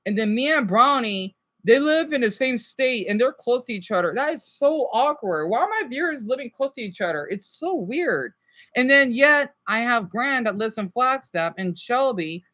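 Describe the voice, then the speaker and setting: Woman, live-stream chat, talks straight to viewers, lively pitch, fairly high voice. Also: normal speed.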